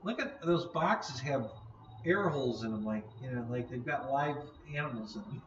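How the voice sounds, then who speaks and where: A man's voice: medium pitch, lively intonation, moderate pace, roomy sound, far from the mic, highs cut off, noisy background. A man hosting a casual live stream, chatting in a rambling way, laughing often and yawning.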